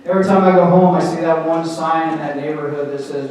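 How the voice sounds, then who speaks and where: A man's voice: on the high side, steady tone, fast talker, heavy background noise. A middle-aged man doing a rambling stand-up set on a small theatre stage, with punchy rises as he lands each bit. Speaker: stand-up comedian and emcee. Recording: echoey hall from far off.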